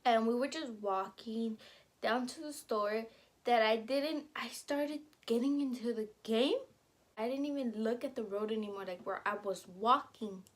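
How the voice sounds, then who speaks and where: A woman's voice: fairly high pitch, normal speed. Chatty young woman telling stories. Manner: chatty, laughs while telling stories, talks with mouth full. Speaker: vlogger. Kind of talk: casual storytelling while eating.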